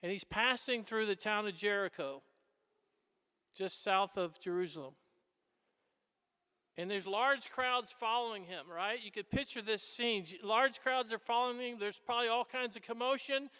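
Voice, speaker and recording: A man, a Catholic priest, giving an animated, conversational homily in a church, with frequent asides to the congregation. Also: high-pitched, normal speed, clean tone. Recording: echoey church reverb.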